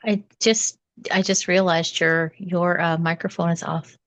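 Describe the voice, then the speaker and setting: A woman's voice: fairly low pitch, fairly even intonation, a little slow. A woman co-hosting a casual chat over a remote call, mostly listening with brief supportive replies. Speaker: co-host.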